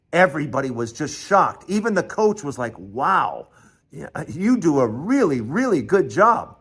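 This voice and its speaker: Host, man in his sixties; high-pitched, lively storyteller who voices the people in his tale. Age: 60s. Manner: animated storyteller acting out quoted voices, frequent restarts. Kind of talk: storytelling monologue.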